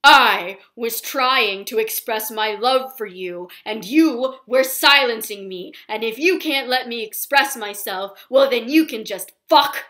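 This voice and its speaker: Lady doing a smug lanky young guy, pompous and self-righteous, kinda bright voice. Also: fairly high pitch, a little slow, few pauses. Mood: indignant. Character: indignant lanky young man, self-important boyfriend.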